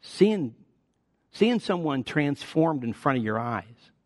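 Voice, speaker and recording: Preaching slowly with big pitch swings, a pastor in his sixties keeps his sermon conversational with personal asides, rising in pitch and volume on key words. It's a clean studio recording without room sound.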